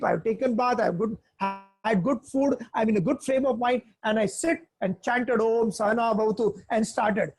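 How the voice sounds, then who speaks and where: A woman giving an earnest spiritual lecture on Vedanta, teaching in a measured way and repeating key phrases. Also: a little high, a little mellow, slightly rough.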